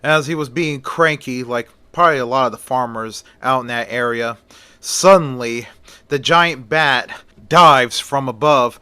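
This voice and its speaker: A man narrates a horror tale in a loose, chatty way. His voice is bright and forceful at a middle pitch. The recording is dry and close. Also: a little slow, clean tone, dry recording. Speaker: storyteller. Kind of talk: casual retelling of a horror story.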